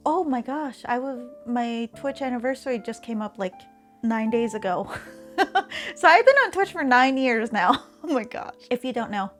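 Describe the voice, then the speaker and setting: A woman in her thirties from Canada, talking casually and candidly in a vlog, often laughing between phrases. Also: fairly high pitch. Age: 30s. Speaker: streamer and vlogger.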